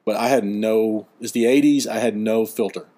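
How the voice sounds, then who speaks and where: A man in his forties hosting a casual podcast chat, relaxed and rambling with frequent chuckles. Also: on the low side, moderate pace. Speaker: podcast host. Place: beach vacation home.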